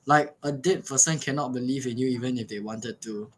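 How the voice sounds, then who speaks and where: A man's voice: medium pitch, fairly quick, slightly rough, low-quality recording. A teenage male student with a Singaporean English accent, talking hesitantly and filling his speech with "like". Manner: hesitant, full of "like" fillers. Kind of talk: casual conversation.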